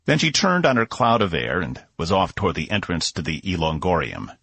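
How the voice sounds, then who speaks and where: Deep husky guy narrating an audiobook, lots of up and down, dry sound. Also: brisk, dry recording. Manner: expressive storytelling. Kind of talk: scripted narration.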